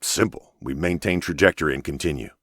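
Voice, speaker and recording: Man doing a steady commanding captain, firm radio calls, really deep. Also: fairly quick, no echo, studio quality. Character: calm, steady male expedition captain. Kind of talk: audiobook character voice.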